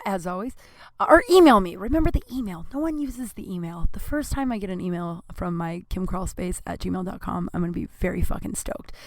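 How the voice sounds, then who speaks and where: Comedian lady telling a story on her podcast, swears a lot, likes, ums, laughs at herself, mid-pitched voice, close dry mic. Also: fairly bright tone, no echo. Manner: candid, profane, self-mocking, many fillers. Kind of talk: casual storytelling monologue. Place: small warm room. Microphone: computer recording.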